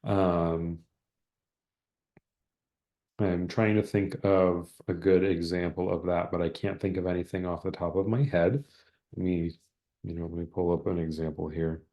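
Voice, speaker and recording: Man, exam-prep instructor, deep voice, hesitant delivery full of "um" and restarts, heard over a video call. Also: flat delivery, a little slow, pauses often, dark tone. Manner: hesitant, many fillers and word searches. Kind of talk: online teaching session.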